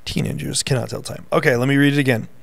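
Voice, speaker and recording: A man's voice: medium pitch, fairly even intonation, fast talker, creaky, no room sound. A man co-hosting a casual faith podcast, teasing his co-host and reading news headlines aloud in a playful quiz. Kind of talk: casual chat, quiz game.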